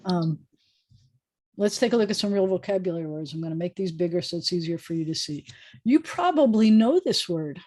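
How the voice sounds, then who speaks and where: A woman's voice: on the low side, expressive, brisk, mellow, no room sound. A woman rabbi with an American accent, patiently teaching a beginner Hebrew class over a video call and sounding out letters as she goes. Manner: patient, chatty teacher demonstrating sounds aloud. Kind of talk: online language lesson. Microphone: desk microphone on a video call.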